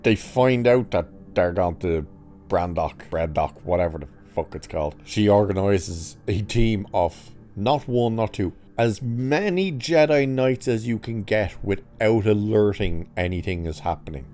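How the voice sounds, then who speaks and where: With a low, dark, mellow voice and an unhurried pace, a reviewer loosely recaps a TV episode, sarcastic and mocking throughout and swearing freely as he picks apart the plot.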